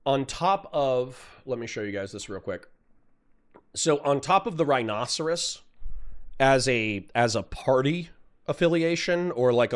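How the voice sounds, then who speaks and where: A man ranting casually on a livestream, swearing often, rambling from idea to idea and reading chat aloud. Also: medium pitch. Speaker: streamer.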